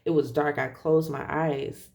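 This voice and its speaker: This tarot reader drifts through a casual reading, often correcting themself and laughing gently. The mid-range, gravelly voice has little pitch movement and runs a little slow.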